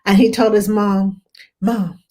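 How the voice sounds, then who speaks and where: A woman's voice: medium pitch, a little slow. A woman who is a career nanny, chatting casually and telling stories, acting out the voices of the people she quotes and laughing often. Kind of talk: casual conversation, storytelling.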